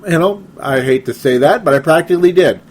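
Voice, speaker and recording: A man's voice: a little high, lively intonation, brisk. A young man hosting a casual sports talk show, rambling and laughing often as he reads listener comments. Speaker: podcast host.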